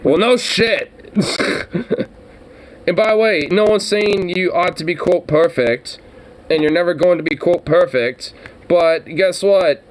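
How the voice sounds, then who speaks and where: A man's voice: high voice, slow. A man streaming a profane, mocking reaction to a news clip, exasperated and swearing heavily.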